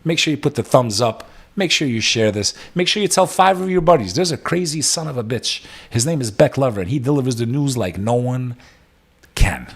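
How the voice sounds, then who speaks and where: A man's voice: mid-range voice, lively intonation, fairly quick, vocal fry, breathy edge. A man hosting a live news-reaction podcast. He reads headlines aloud and then breaks into profane, sarcastic rants that grow heated.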